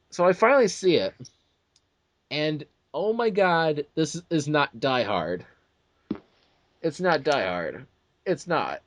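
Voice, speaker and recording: A man in a casual movie chat, working himself into a fanboy rant, stumbling over repeated words and acting out little quotes. His pitch jumps around a lot as he gets worked up, and the recording is dry and close. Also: slow pace, pauses often, no room sound. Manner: animated ranting with many restarts and quoted asides. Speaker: podcast co-host.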